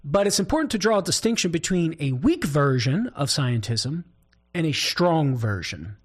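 A man from southern Louisiana with a Cajun accent, hosting a talk show as a Catholic apologist and telling a joke with animated delivery. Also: a little high, moderate pace. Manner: animated storyteller, chuckles often. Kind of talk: scripted talk-show commentary.

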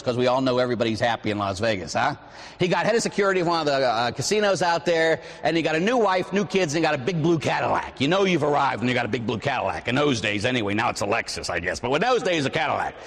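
Pittsburgh priest preaching in a reverberant church. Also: male voice, a little high. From Pittsburgh, USA. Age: 40s. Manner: conversational, storytelling, frequent "huh?" asides, acts out quoted voices. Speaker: Catholic priest. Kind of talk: sermon.

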